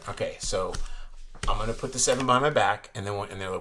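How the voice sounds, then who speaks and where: A man with a fairly low voice walks through a card trick in a relaxed, rambling vlog. He often stops and restarts his sentences, as if thinking aloud while his hands work. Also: fast, a little hiss or hum. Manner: rambling, self-correcting, chatty. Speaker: playing card reviewer. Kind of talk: casual tutorial vlog. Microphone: desk camera looking down on hands.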